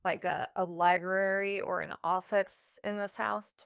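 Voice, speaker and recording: A woman's voice: mid-range voice, fairly even intonation, unhurried, vocal fry, smooth, no room sound, clean studio sound. A woman playing a tabletop game, asking questions hesitantly and using a lot of fillers. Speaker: player. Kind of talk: casual tabletop play.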